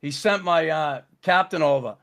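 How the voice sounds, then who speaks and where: A man, a podcast guest telling stories in a gruff, blunt way, swearing constantly. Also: on the high side, moderate pace, a bit bright. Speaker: podcast guest, former hockey enforcer. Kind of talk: casual storytelling chat.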